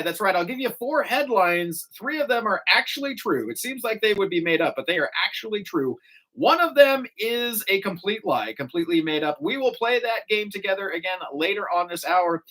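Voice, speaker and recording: A man talks through a morning radio show with a lively, swooping pitch. He chats casually and spins stories full of quick asides, speaking into a studio mic. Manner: chatty, animated storyteller with quick asides.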